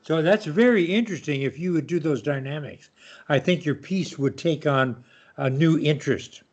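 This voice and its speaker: A man's voice: fairly high pitch, moderate pace, a little mellow, highs cut off. An older man giving a patient online piano lesson, explaining rhythm and counting aloud. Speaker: piano teacher.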